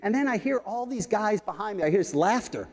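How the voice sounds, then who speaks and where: A man in his fifties giving a conference talk, telling lively anecdotes with frequent "right?" asides. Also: high voice, fairly quick. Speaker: keynote speaker. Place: large conference hall stage. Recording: reverberant conference hall.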